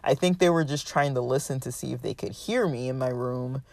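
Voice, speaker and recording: A man's voice: medium pitch, fairly quick, creaky, darkish tone, no room sound. A man telling a long, rambling story in a casual monologue, full of "like" and "um", sounding exasperated. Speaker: vlogger ranting about a roommate.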